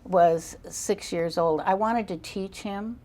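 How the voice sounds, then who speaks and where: A woman's voice: mid-range voice, takes it slowly, mellow. An older woman as an interview guest on parenting, telling stories in an earnest, emphatic way. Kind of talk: interview storytelling.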